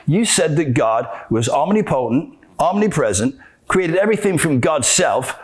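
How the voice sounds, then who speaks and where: A man hosting a solo spiritual talk, arguing both sides with himself in an animated way. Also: fairly high pitch, normal speed, slightly rough. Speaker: podcast host.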